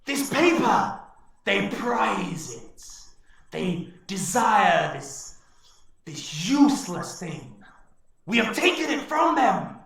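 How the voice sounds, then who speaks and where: Man doing a furious orc warlord, high strained bellow, echoey room, tabletop game. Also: very animated, slow, vocal fry, a bit bright, exaggerated voice. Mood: scornful. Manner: bellowing, rousing war speeches. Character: angry defiant orc chieftain warlord, male.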